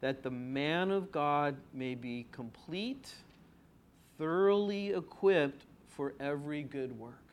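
Man, pastor, sermon, unhurried delivery, higher-pitched voice, rhetorical questions, drawn-out emphasis. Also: lively intonation. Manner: conversational, with rhetorical questions to the congregation; drawn-out emphasis on key words. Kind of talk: expository sermon.

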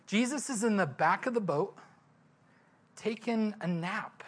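Male pastor, sermon, conversational, animated, rhetorical questions. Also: high-pitched, unhurried.

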